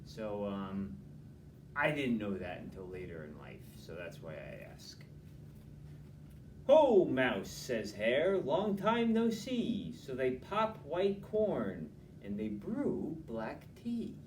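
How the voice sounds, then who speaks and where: A gentle man reads a children's picture book at an unhurried pace, pausing for friendly asides to his young audience. His voice sounds roomy and comes from some distance off, with a faint room hum behind it. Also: lowish voice, very animated. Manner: slow, gentle and chatty, adding asides to children. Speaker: library storyteller. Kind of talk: children's story reading. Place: library room. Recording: echoey room, mic from a distance.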